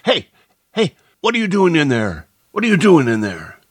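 A man doing a shouting campus cop. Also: fairly high pitch, huge pitch swings, moderate pace, husky, no room sound, studio quality, voice pushed up, exaggerated voice. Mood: alarmed. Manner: loud, challenging shouts. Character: shouting male campus policeman, alarmed.

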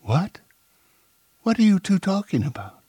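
A frantic, pleading young woman, as a male narrator puts her on, pitched well above a man's usual speech. She sounds distraught as she speaks in this storybook reading, with a slightly husky edge. The recording is dry and close. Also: very animated, a little slow, mellow, no echo, heavily acted.

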